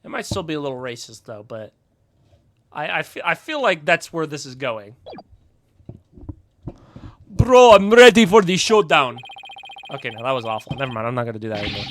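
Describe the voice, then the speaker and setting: A man's voice: mid-range voice, animated, fast, sharp tone. A male streamer giving casual commentary while he plays a game, joking at his own expense and swearing now and then. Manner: joking and self-deprecating, swears and laughs.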